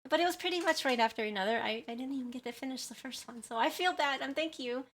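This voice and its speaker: A woman's voice: high voice, fast, a bit bright. A woman streamer chatting casually with viewers, rambling with lots of fillers, giggles and apologies. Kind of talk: casual livestream chat with viewers.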